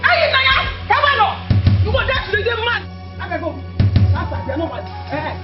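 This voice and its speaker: A hot-tempered Nigerian woman shouts and mocks, her high voice leaping up and down. She sounds menacing and unrestrained. The audio is somewhat dull, with loud film music beneath it. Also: sing-song, fast talker. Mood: furious. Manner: shouting, taunting, threatening. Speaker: aggressive woman confronting an old man. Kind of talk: Nollywood film acting.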